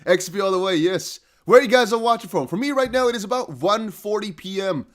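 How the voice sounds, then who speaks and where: A man hosting a live crypto price stream, talking fast and excited with laughs and chanted hype lines. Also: high voice. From Netherlands. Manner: hyped, laughing, breaks into chanting.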